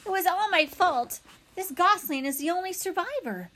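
A polite female robot speaks in precise, formal sentences with a bright, lilting cheer. A woman reads her lines in a storybook. Her friendliness sounds carefully learned rather than natural. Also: sits high, big pitch swings, moderate pace, slight background noise, pitched above the performer's own voice, exaggerated voice. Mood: politely cheerful.

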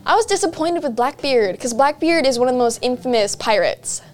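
A woman's voice: high-pitched, lively intonation, fairly quick. A woman chatting casually as co-host, rambling along with restarts. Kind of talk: casual chat.

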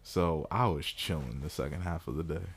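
A man's voice: very deep voice, normal speed, breathy edge. A young man co-hosting a podcast, talking in a laid-back, easygoing way full of slang. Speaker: podcast co-host. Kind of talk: casual chat.

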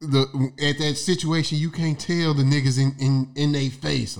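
A man's voice: medium pitch, steady tone, moderate pace, few pauses. A man in casual chat, jokey, chiming in and telling his own anecdotes.

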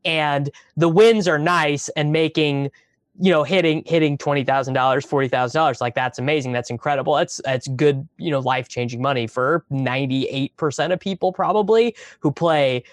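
A man's voice: a little high, moderate pace, dry recording. Rambling Midwestern man, dry close sound. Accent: Midwestern American. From Missouri, US. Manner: rambling, repeats words, blunt. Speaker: podcast co-host. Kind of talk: casual podcast chat.

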